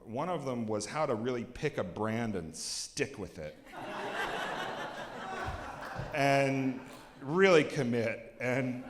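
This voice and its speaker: A man in his forties tells a candid personal story on stage, halting and often dropping quiet. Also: mid-range voice, slight background noise. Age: 40s. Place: cultural center hall. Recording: echoey hall with long reverb.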